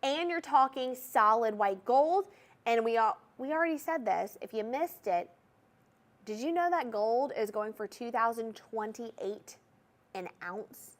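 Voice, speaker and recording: A woman's voice: fairly high pitch, a little slow. A young woman with a Southern US accent hosting a live TV jewelry sales show, talking chattily and checking in with viewers. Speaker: shopping channel jewelry host.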